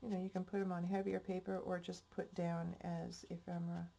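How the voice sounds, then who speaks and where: A woman's voice: on the low side, little pitch movement, brisk, vocal fry, warm tone, slight background noise. An older woman hosting a crafting vlog, chatting in a rambling, homespun way, a bit stuffy-nosed. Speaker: crafting channel host. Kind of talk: casual crafting vlog chat.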